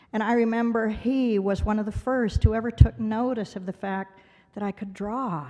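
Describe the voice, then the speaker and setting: A woman's voice: medium pitch, mellow. A woman giving a heartfelt award speech, telling a personal story dramatically and acting out the voices of others. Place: large gala banquet hall. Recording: long hall reverb from the speech venue.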